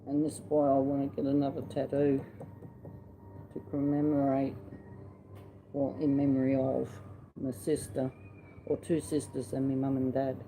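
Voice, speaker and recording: A man's voice: mid-range voice, completely flat delivery, normal speed, long pauses, mellow, a little hiss or hum, low-quality recording. A middle-aged man with an Australian accent tells a personal story in a casual, blunt, salty way, acting out past conversations. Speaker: vlogger.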